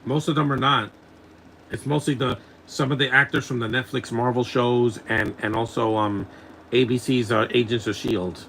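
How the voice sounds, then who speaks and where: A man's voice: mid-range voice, fairly even intonation, normal speed, a bit bright, a little hiss or hum, low-quality recording. A man giving casual live commentary over a film, mocking it and chuckling often.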